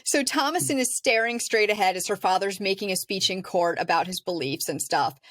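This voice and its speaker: A woman's voice: mid-range voice, brisk, fairly bright tone, no echo, clean studio sound. A woman co-hosting a podcast, casually recounting a film's plot step by step with a chatty, filler-laden manner. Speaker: podcast co-host. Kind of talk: casual movie discussion.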